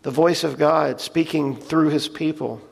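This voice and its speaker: A man's voice: a little high, steady tone, unhurried, gravelly, slightly rough. A man preaching a sermon, earnestly reading scripture aloud and explaining it plainly. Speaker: pastor. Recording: long reverb of a large hall.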